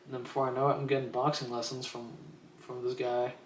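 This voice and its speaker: A young streamer with a flat, mid-range voice tells a rambling story fast on a livestream, laid-back and swearing freely. He acts out what people said, and the echoey room carries faint ambient noise.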